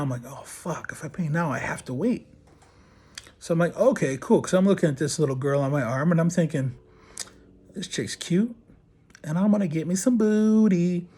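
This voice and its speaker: The slightly high, husky voice of a middle-aged man moves at normal speed with long pauses. He's a podcast host and body piercer telling a crude, profane story casually, acting out people's lines with animation.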